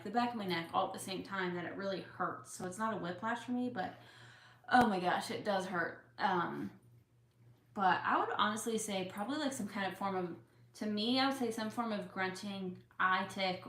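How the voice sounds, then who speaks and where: A woman's voice: mid-range voice, fairly bright tone. A young woman with tics chats casually with her viewers, answering their questions with lots of fillers and open feeling. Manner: chatty, with fillers, openly emotional. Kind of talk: casual Q&A chat. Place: home room with a couch. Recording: echoey room.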